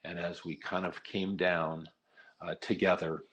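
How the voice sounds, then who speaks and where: A middle-aged man with a very low, deep voice gives an earnest talk as a nonprofit leader. He tells his story in a steady way and often drops in "uh" between phrases. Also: a little slow.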